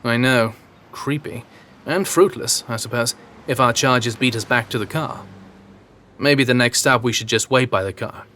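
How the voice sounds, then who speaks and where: A man's voice: mid-range voice, normal speed, pushed and bright, lightly acted. A man doing a prim, fretful British butler. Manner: fretful, formal. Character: proper, fussy male British butler.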